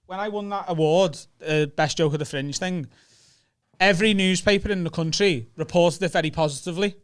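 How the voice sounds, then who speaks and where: Sweary Scouse comedian, high clear voice. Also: male voice, fairly quick. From Liverpool, England. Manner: sweary, animated storytelling. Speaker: comedian and podcast host. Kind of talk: casual chat.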